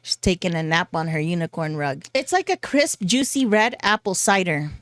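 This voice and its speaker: A woman's voice: fairly low pitch, expressive, moderate pace, no room sound. Giggly, chatty woman vlogger reviewing fragrances in a dry, close-sounding room. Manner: giggly, chatty, goofy asides. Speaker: beauty vlogger. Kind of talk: casual fragrance haul review.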